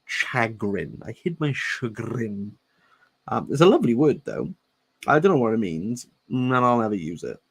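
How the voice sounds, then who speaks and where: A man's voice: medium pitch, big pitch swings, moderate pace, creaky. A man in his thirties reads a novel aloud, stopping to joke about it and repeating words he likes. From Wales. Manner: playful, savours and repeats words. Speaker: book channel host. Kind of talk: reading a novel aloud with joking commentary.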